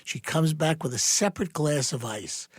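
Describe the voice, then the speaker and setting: An older man from New York spins his stories with theatrical flourish and speaks straight to the audience. His voice sits fairly high for a man. The sound is close and dry, with no room around it. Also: animated, normal speed, breathy edge, no room sound. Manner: theatrical storyteller who addresses listeners. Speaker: guest. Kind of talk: casual podcast chat.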